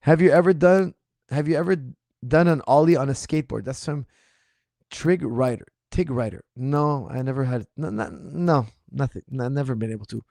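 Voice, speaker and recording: Here a martial arts coach answers his livestream viewers casually but with lively, mocking disbelief, his medium-pitched voice gravelly and a bit strained. He speaks at a normal rate. The studio-quality recording has no echo.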